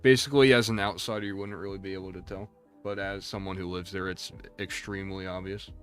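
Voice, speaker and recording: Chatty low-voiced male game streamer. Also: flat delivery, fairly quick, fairly bright tone, soft background music. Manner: rambling, chatty, reads and answers chat. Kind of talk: casual livestream chat.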